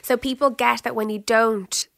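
A woman's voice: a little high, steady tone, normal speed, creaky, a bit bright, dry recording, clean studio sound. A woman skincare expert in casual conversation, explaining things patiently and teasing her co-host. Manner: teasing, explanatory, asks leading questions. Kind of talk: casual podcast chat.

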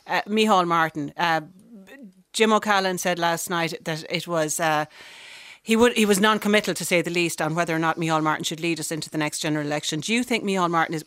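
Woman, radio presenter, live interview, brisk, interrupting, fast, dry sound. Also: lowish voice, a bit bright, no echo. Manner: brisk, interrupts to keep time.

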